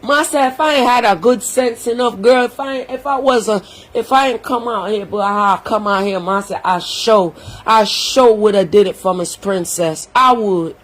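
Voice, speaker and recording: Furious on her livestream, a woman who comments on social media curses and scolds in a heated tirade, occasionally switching into prayer. Her mid-range voice moves at a moderate pace with hardly any pauses.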